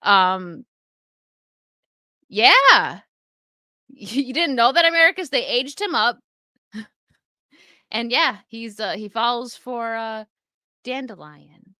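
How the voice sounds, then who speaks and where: A woman's voice: a little high, lively intonation, takes it slowly, pauses often, pushed and bright, no room sound. A young adult woman casually chatting on a live stream, reading and answering viewer comments with lots of fillers.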